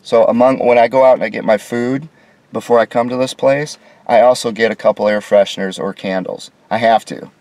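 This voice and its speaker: A man's voice: lowish voice, a little mellow, no echo. A man from the United States walking through a small hotel room on camera, complaining with sarcasm and indignation. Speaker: vlogger reviewing a hotel room. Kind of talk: casual walkthrough narration.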